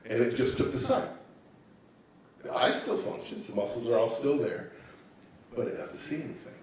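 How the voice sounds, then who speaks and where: A man in his sixties giving a calm, reflective personal testimony as a guest speaker in a church. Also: mid-range voice, normal speed, slight background noise. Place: church sanctuary. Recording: very echoey room, mic at a distance.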